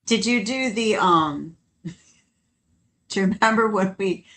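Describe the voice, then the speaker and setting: A woman co-hosting a paranormal podcast, chatting casually, animated and laughing often between quick asides. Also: mid-range voice. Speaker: podcast co-host.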